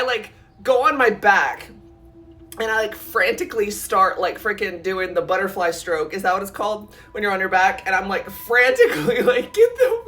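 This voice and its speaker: A woman tells a storytime vlog in a bright, sharp voice. She talks in breathless, animated runs packed with "like" and jumps suddenly higher when the fear comes back. At times she sounds close to tears. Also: slight background noise. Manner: animated, breathless retelling full of "like", jumps in pitch when scared. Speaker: vlogger.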